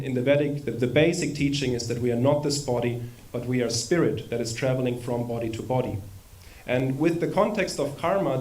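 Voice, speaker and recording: A man's voice: mid-range voice, darkish tone. A man giving an informal spiritual lecture to a live audience in a temple hall. He talks conversationally, with humorous asides and rhetorical questions.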